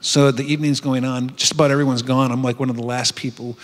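A man's voice: medium pitch, flat delivery, quick pace, few pauses, a bit bright. A man giving a heartfelt personal testimony at a retreat, telling his story earnestly with frequent restarts. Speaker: retreat speaker. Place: conference hall. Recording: long hall reverb.

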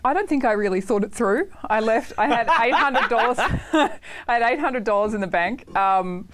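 A woman's voice: a little high, expressive, moderate pace. A woman guest on a late-night studio show, a critic and author, telling stories with dry understatement. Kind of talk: casual interview chat.

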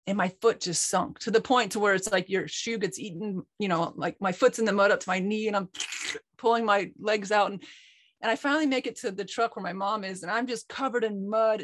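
A woman's voice: medium pitch, no echo, studio quality. A woman co-hosting an online talk, candidly telling a personal story with lots of restarts. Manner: candid, animated, frequent restarts and fillers. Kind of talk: personal storytelling in a group call.

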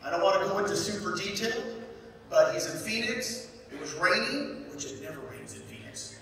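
A man delivers a motivational talk from a stage, his voice bright and lively as it rises and falls through his stories. He hammers points home with repetition. The sound is distant and rings with long reverb around a large hall. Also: high voice, moderate pace. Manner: energetic, storytelling, emphatic repetition. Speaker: motivational speaker at a real estate event. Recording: echoey hall, mic from a distance.

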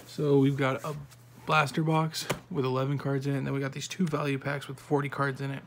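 A man hosting a home card-opening video, reading off player names one by one with quick offhand remarks in a soft-spoken way. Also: medium pitch, flat delivery, vocal fry, a little hiss or hum. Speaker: card-opening channel host. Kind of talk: casual card-opening commentary.

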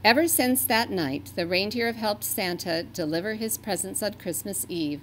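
A woman reading a children's story aloud in a gentle, expressive storytelling way. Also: medium pitch, moderate pace, a little hiss or hum.

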